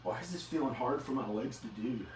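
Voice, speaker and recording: A man vlogging at home, muttering slowly and quietly to himself. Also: lively intonation, roomy sound, recorded from a distance. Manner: slow, low muttering to himself. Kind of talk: rambling self-filmed vlog. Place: his house, indoors.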